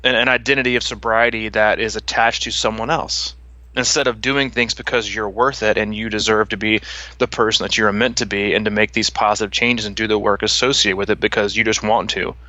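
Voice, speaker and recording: Casual male podcast host, 30s, bright and animated, dry lo-fi mic. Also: lowish voice, a little fast, dry recording. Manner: animated, laughing, lots of "like" fillers. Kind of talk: casual chat.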